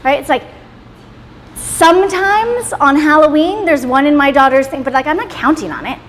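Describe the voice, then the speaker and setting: A woman's voice: high voice, expressive, moderate pace. A woman in her thirties running a motivational class, talking emphatically, swearing freely and ending points with "right?". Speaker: class leader. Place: salon in a roomy hall. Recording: reverberant room, faint background noise.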